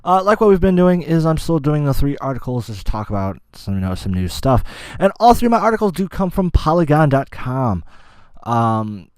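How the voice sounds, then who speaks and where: A man's voice: a little high, very animated, normal speed, smooth, dry recording. Guy rambling on his gaming podcast, swears a ton, loses his place, dry close mic. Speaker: podcast host. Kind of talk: casual solo gaming podcast.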